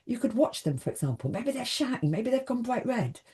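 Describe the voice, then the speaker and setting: Earnest woman, lively delivery. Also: a little high, fairly quick. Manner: earnest, addresses the viewer directly with questions. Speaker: self-help speaker. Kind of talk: motivational talk to camera.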